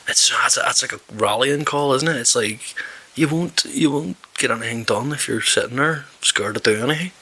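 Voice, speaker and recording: A man talking alone on his podcast in a husky, gravelly voice that sits low yet has a sharp, bright edge. He swears freely and rambles from one aside to the next, blunt and offhand, with a drink on the go. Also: brisk, rough recording. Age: adult with a daughter. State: drinking alcohol while talking. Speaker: podcast host. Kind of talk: rambling solo podcast chat.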